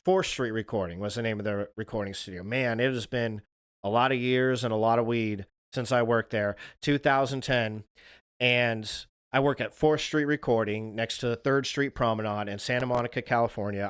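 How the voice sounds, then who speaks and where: Man, livestream host, casual storytelling, swears a lot, middle pitch, dry sound. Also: fairly bright tone, smooth, no room sound. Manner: rambling, swears freely, laughs at his own stories.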